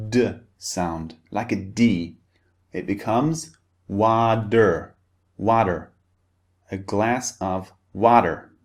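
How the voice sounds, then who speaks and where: A man with a lowish, darkish voice gives a pronunciation lesson. He speaks slowly and carefully, enunciating each word clearly in drills for learners to repeat.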